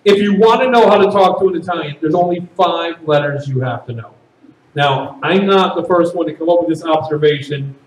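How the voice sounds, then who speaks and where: A man performing stand-up comedy at a party, with loud, animated shouted bits. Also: on the high side, a little fast, roomy sound, far from the mic, low-quality recording.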